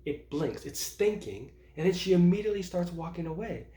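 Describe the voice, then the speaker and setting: A thirtysomething vlogger chats about his life in a rambling way, with frequent restarts and self-directed laughter. He speaks briskly and animatedly in a high, mellow voice, echoing around the room.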